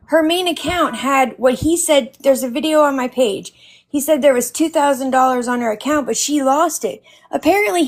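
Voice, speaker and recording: A woman speaking as a guest on a livestream, telling a story at length in an indignant, rambling way with many ums. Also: sits high. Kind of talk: casual livestream talk.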